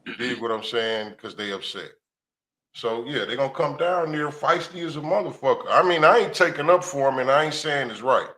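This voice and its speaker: A man's voice: mid-range voice, lively intonation, brisk, bright, forceful tone. A man co-hosting a casual talk show, laid-back and slangy, often asking if you know what he means. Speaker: co-host.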